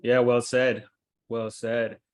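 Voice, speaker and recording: A man's voice: medium pitch, level tone, slow. A man hosting a casual interview, easygoing, asking long rambling questions. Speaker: interview host.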